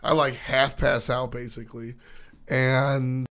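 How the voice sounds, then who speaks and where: A young man with a hoarse, still-recovering voice, rambling casually to his stream chat, with lots of fillers. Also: medium pitch, flat delivery, takes it slowly, fairly bright tone. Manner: rambling, filler-heavy storytelling. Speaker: esports caster streaming to chat.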